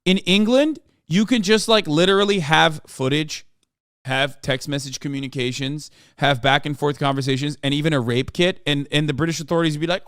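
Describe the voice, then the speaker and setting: A man hosting a livestream, reading a news article aloud quickly and breaking off into rambling, profane asides. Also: fairly high pitch, fairly bright tone, clear, resonant tone, dry recording, clean studio sound. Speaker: streamer host.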